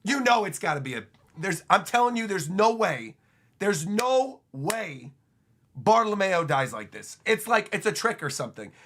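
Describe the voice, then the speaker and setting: A man streaming a comic reaction live, excitable and emphatic, who often repeats himself. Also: sits high, brisk, hardly any pauses.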